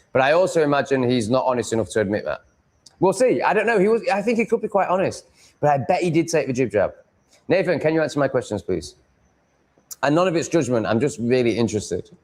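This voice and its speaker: A man in his thirties hosting a casual livestream, rambling with halting restarts and reacting to chat. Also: medium pitch, a little mellow. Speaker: livestream host reading chat.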